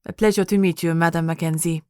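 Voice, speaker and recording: Woman doing a French-accented dressmaker lady, formal and clipped, low voice. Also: fairly even intonation, quick pace, warm tone, dry recording, clean studio sound, lightly acted. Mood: polite. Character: Madame Bisset, woman French dressmaker, poised.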